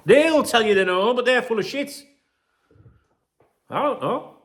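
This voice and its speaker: A man's voice: very high-pitched, measured pace. Sweary, rambling man ranting. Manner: animated, sweary, rambling, bitter banter. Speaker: football channel host. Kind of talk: casual ranting vlog.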